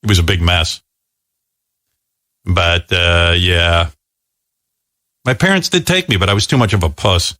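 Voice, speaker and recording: A man's voice: sits low, unhurried, pauses often, sharp tone. A man hosting a radio talk show, telling a rambling, self-deprecating story with many restarts. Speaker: radio host.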